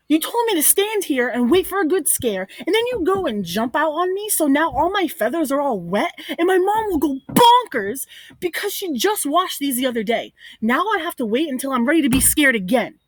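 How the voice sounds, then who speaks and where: A woman's voice: high-pitched, sing-song, normal speed, no room sound, pitched above the performer's own voice. A woman voicing a young male penguin who keeps gasping with hiccups in a read-aloud story for children. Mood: indignant. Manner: gasping hiccups mid-sentence.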